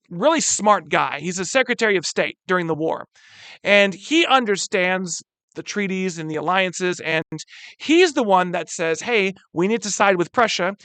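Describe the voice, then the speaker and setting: A high-pitched man teaching a history lesson in a relaxed, chatty way, often calling his students "guys." He talks with lively energy and sometimes trips over words before he corrects himself. The recording is dry and close, with no room sound. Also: no room sound. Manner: casual, addresses students as "guys"; animated, stumbles and corrects himself.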